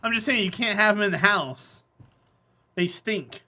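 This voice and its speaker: Woman streamer, bright mid-pitched voice, casual and blunt, argues with chat. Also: expressive, fairly quick. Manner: blunt, opinionated, answering chat by name. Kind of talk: casual live-stream chat while gaming.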